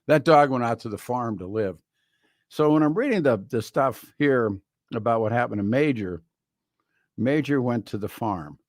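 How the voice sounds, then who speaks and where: A man's voice: mid-range voice, animated, normal speed, no echo. A man hosting a talk radio show in a studio, delivering a rambling, wry monologue full of restarts. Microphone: studio microphone.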